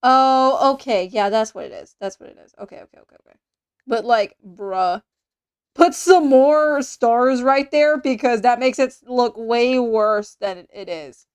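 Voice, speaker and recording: A woman's voice: fairly high pitch, a little slow, clean tone. A woman streamer chatting casually while reacting to a video, rambling and restarting her sentences. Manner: rambling, hesitant, with frequent restarts.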